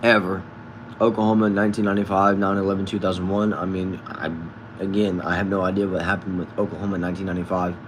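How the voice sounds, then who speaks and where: A man casually hosting a live stream from a backyard shed, reading viewers' comments aloud and answering them in a relaxed way. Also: low voice, quick pace, noisy background. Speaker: livestream host reading chat.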